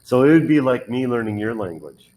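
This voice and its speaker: A man's voice: medium pitch, lively intonation, brisk, a little mellow, low-quality recording. A man teaching English pronunciation one on one, patiently modelling words and correcting the learner's drills.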